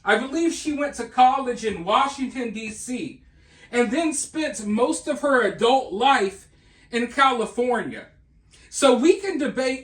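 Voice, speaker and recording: A man's voice: very high voice, animated, a little slow, a bit bright, echoey room. A man from the South, hosting an opinionated political commentary monologue in an emphatic, scornful way, speaking straight to his viewers. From Southern United States.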